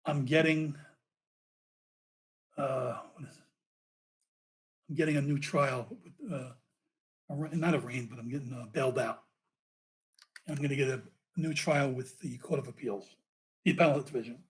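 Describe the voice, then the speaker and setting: A man, a former police officer, telling his story as a podcast guest in a profane, animated way. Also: medium pitch, moderate pace, long pauses. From United States.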